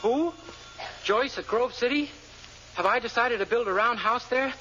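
Casting: a breezy, cocky con man, bright high voice, muffled old radio audio. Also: moderate pace, slight background noise. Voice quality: breezy, wisecracking delivery. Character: brash impostor posing as a businessman, wisecracking. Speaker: lead in a radio comedy. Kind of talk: 1940s radio acting.

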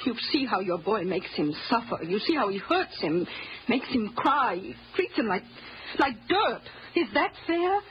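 A woman's voice: a little high, very animated, unhurried, slight background noise. An actress playing a protective housekeeper and mother in an old radio drama, speaking with emphatic indignation and stammering. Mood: indignant. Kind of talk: 1940s radio acting. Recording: muffled old radio broadcast.

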